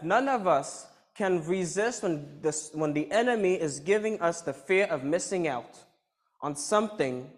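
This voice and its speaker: A man preaching a sermon, reading scripture passages and then explaining them in his own words. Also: a little high.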